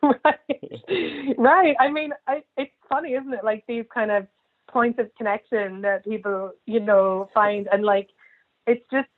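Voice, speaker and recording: A woman's voice: on the high side, unhurried. Irish woman, chatty interview guest, anecdotal, filler-heavy, thin phone-line sound. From Ireland. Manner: chatty, many "like" fillers, tells funny anecdotes. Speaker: guest, comedian and writer. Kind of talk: casual interview chat.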